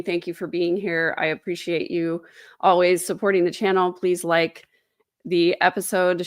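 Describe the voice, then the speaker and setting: A woman's voice: fairly low pitch, dry recording, clean studio sound. A woman hosting a casual true crime livestream from home, chatty and sarcastic. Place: home, indoors. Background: dogs.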